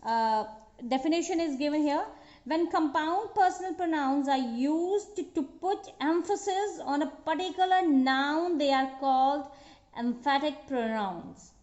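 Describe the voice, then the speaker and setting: A woman teaching a recorded school grammar lesson, slow and patient, with frequent fillers and restarts. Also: sits high, a little mellow. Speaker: English teacher. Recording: dull echoey room recording.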